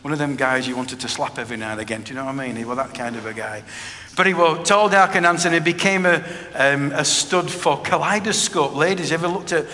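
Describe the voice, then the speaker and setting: In a reverberant hall with faint background noise, a middle-aged man preaches a personal testimony sermon. His mid-range voice is steady and sharp, fast with hardly any pauses, and he speaks earnestly and plainly, often repeating phrases.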